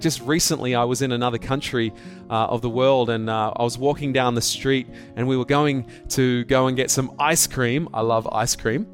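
A man from Australia, preaching a conversational sermon full of rhetorical questions and personal stories. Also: fairly high pitch. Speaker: pastor.

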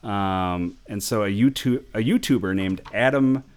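A man's voice: fairly low pitch, a little slow, darkish tone. A man hosting a casual podcast, rambling through entertainment news with frequent laughs and self-corrections. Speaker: podcast host.

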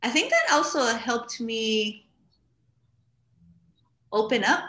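Speaking slowly in a slightly high voice, a middle-aged woman from Hawaii shares casual anecdotes as a guest on a talk show. She's lively and performs the quoted speech of the people in her stories. There's a spacious studio echo around her.

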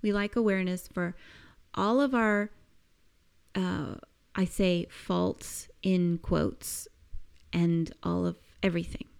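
A woman coaching listeners through a reflective self-help exercise, speaking gently and searchingly with frequent soft laughs. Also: on the low side, steady tone, takes it slowly, gravelly, long pauses, clear, resonant tone. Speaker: coach giving a weekly task.

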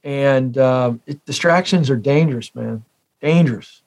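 A man's voice: mid-range voice, a little slow, a little mellow. A man in his forties from the United States, a career expert telling stories as an interview guest, emphatic and repeating key phrases for effect. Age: 40s. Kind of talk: interview storytelling.

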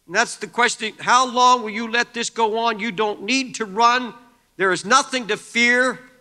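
High, bright-voiced fervent male preacher. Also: fairly even intonation, a little slow. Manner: fervent, swings from quiet to shouting. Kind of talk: sermon. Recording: long hall reverb.

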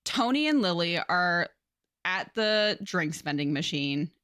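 A woman's voice: on the low side, animated, slow, a bit bright, clear, resonant tone, dry recording, studio quality. Laughing, swearing podcast co-host woman. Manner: laughs often, swears casually. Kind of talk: casual book chat.

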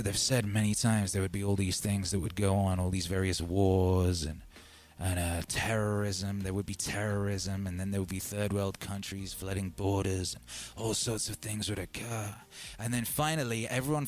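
A man hosting a casual livestream, talking animatedly and swinging from loud shouts to low mutters. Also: moderate pace. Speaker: livestream host and musician.

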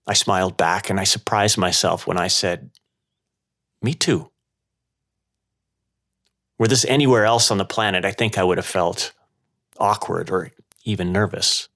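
A man hosting a podcast, narrating a personal story in a slow, measured way. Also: deep voice, fairly bright tone. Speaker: podcast host.

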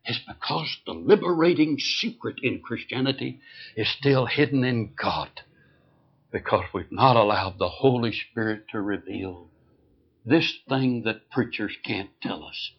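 Husky preacher man, emphatic sermon. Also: mid-range voice, unhurried, lo-fi sound. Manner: storytelling, emphatic, repeats for stress.

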